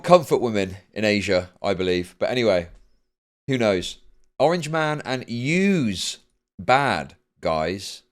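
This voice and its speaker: Brief: male streamer, mid-pitched voice, deadpan reading of donations, long rambling explanations. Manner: dry, repeats "indeed" flatly; explains at length with many fillers. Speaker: streamer reacting to a video.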